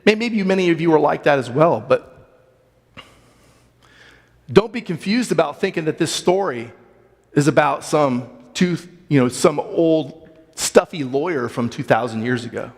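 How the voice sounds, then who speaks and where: A man's voice: on the high side, lively intonation, a little slow, creaky, long pauses, long reverb tail. A man preaching a sermon, earnest and questioning, often restarting his phrases as he reads and reflects on a Bible story. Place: church sanctuary.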